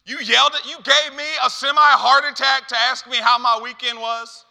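A man voicing a gruff male high school football coach who barks at players. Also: animated, racing, pushed and bright, big-room sound, full character voice. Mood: yelling. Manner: barks last names.

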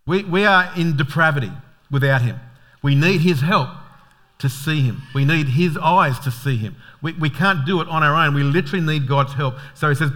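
A man preaching a sermon as a pastor, telling stories with lively quoted voices and chuckles. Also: on the high side, normal speed.

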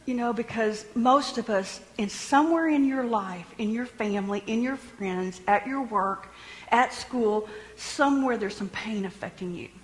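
A woman preaching a sermon in a lively, animated way, joking with her congregation. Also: on the high side, a little slow, big-room sound, poor audio.

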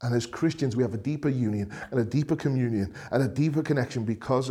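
A middle-aged man with a Liverpool accent preaching a sermon, earnest, repeating phrases for emphasis, swinging between raised and hushed delivery. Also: mid-range voice, fast, few pauses. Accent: Liverpool (Scouse). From Liverpool, England. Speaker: pastor.

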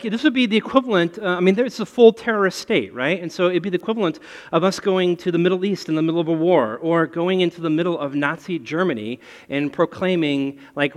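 A man preaching a sermon and telling a personal story in an animated way. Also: high voice. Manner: animated, storytelling with rising excitement. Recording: long hall reverb.

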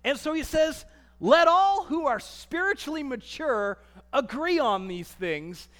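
High-voiced man preaching in a hall. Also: lively intonation, measured pace. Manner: dynamic preaching, acting out quoted voices with swings from loud to soft. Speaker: pastor. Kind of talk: sermon. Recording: long reverb of a large hall.

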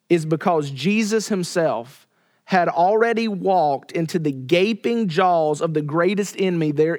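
High-voiced man preaching with dramatic hushes. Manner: dramatic pauses, drops to a hush for quoted words; rises and pushes when pressing a point. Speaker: pastor. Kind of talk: sermon.

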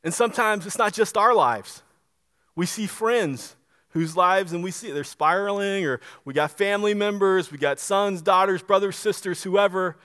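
A man with a high voice preaches a sermon. He talks to the congregation conversationally but hits his points with emphasis and keeps asking rhetorical questions. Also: fairly bright tone. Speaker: pastor.

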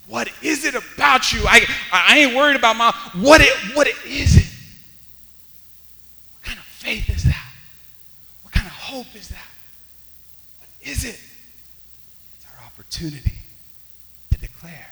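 A man preaches with a very high, piercingly bright voice that carries a long reverb tail through a church sanctuary. He swings between loud exclamations and hushed near-whispers. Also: expressive, moderate pace, creaky, long pauses, a little hiss or hum. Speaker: pastor. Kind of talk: sermon.

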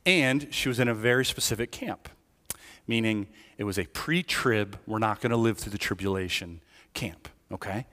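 A man's voice: lowish voice, normal speed, a bit bright. A middle-aged man preaching a sermon as lead pastor, talking conversationally and often checking in with the congregation. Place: church sanctuary. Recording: long reverb of a large church hall.

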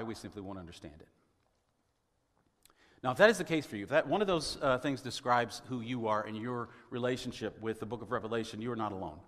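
A man pastor giving a sermon in a church, wry and conversational, often clearing his throat. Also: medium pitch. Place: church sanctuary. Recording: long hall reverb.

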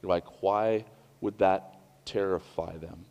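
A middle-aged man giving a sermon in an earnest, conversational way, often pausing to restart a sentence or to add an aside. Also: sits low, fairly even intonation, gravelly, a little mellow, long reverb tail. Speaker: pastor.

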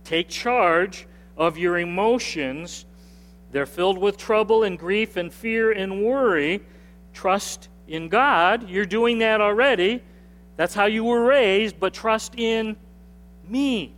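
Speaking at a slow pace in a high-pitched, fairly bright, animated voice, this man delivers a conversational sermon as pastor. He repeats lines and calls on the congregation to respond, and his words echo with the long reverb of a church sanctuary that has a screen.

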